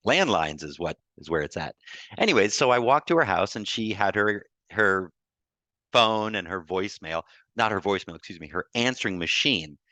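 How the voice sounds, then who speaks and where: A man with a very low voice tells a personal story over a video call, halting and restarting as tears come close. The sound is dry and close, with no room around it. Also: pushed and bright, dry recording. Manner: emotional, halting with repeated restarts. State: tearful. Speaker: guest speaker on grief. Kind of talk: personal storytelling in a group talk.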